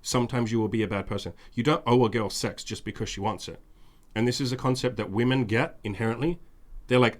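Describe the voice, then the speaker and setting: A man's voice: mid-range voice, brisk. Blunt, profane male podcast host. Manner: blunt and profane, emphatic lists and repetition; mimics whiny demands in a raised voice. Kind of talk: casual podcast chat.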